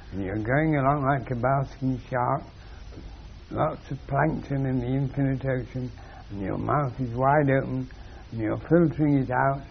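A man giving a slow, measured spiritual lecture with long pauses. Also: mid-range voice, vocal fry, lo-fi sound, a little hiss or hum.

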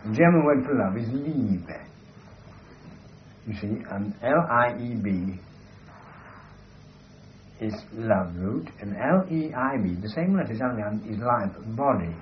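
A man's voice: on the low side, animated, a little slow, pauses often, muffled recording, a little hiss or hum. A man holding forth in an emphatic, lecturing way, often asking "you see". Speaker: speaker discussing language. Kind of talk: discursive monologue in conversation.

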